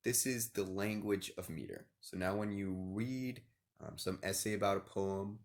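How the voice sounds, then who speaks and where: Man, very low voice, casual poetry lesson, counts syllables out loud, echoey room. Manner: counts syllables aloud and recites slowly. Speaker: poetry teacher. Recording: roomy echo.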